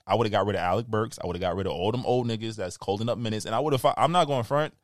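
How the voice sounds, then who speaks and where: A man's voice: on the low side, racing, few pauses, no room sound, studio quality. A man with a New York accent, co-hosting a podcast and ranting about basketball in casual, profane, teasing banter. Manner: animated, profane, teasing rants. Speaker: podcast co-host.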